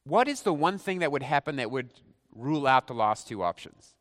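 Man, preacher, sermon, lively, bright voice, rhetorical questions, long reverb. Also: medium pitch, a little fast. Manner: animated, rhetorical questions, mock quotes. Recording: reverberant hall.

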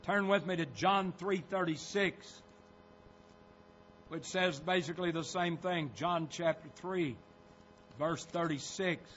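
A man's voice: high voice, takes it slowly, pauses often, a bit bright, lo-fi sound, a little hiss or hum. A man preaching a sermon, pressing hard on quoted scripture as he reads it. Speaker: pastor.

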